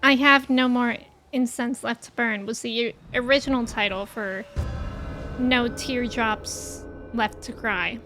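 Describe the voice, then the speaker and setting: A woman's voice: on the high side, fairly even intonation, a little slow, music in the background. A woman streamer chatting casually with her chat while she plays, giggly and talkative.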